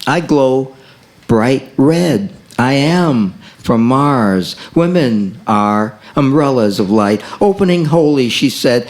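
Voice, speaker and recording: A man reads his poetry very slowly at a café open mic, with a voice of middling pitch. He chants in a steady rhythm, repeats lines and draws out key phrases. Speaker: poet.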